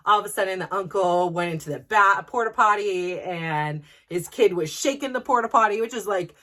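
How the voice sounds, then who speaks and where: A woman in her forties hosting a podcast, telling a personal story in a casual, animated way, laughing often and restarting her sentences. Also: medium pitch, moderate pace. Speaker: podcast host.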